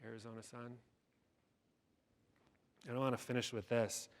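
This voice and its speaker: A man's voice: mid-range voice, level tone, moderate pace. A man giving a keynote speech, telling a story dramatically and acting out the people in it. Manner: dramatic storytelling with quoted voices. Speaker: keynote speaker. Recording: long hall reverb.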